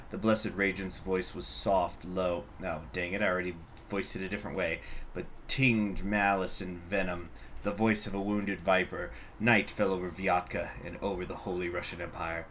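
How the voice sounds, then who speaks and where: A man's voice: low-pitched, steady tone, moderate pace, fairly bright tone, a little hiss or hum. A man hosting a gaming video, reading story text aloud with casual, profane asides. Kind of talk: let's play with story reading.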